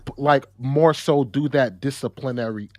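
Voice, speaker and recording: A young adult man co-hosting a casual discussion, talking in an animated way with slang and repeated words. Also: mid-range voice, moderate pace, no room sound. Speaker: podcast co-host.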